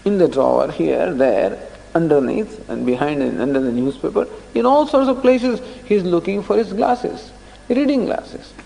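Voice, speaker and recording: A man's voice: fairly high pitch, animated, moderate pace, creaky, mellow. A man giving a scripture discourse, explaining ideas through stories with acted-out dialogue. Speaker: scripture teacher. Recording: long reverb of a hall.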